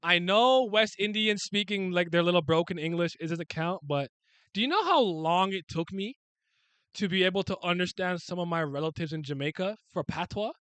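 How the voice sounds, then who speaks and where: A young man from Canada chatting casually on a live stream, answering comments in an animated way and swearing freely. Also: sits high, moderate pace, clean tone, no echo. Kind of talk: casual live reaction chat.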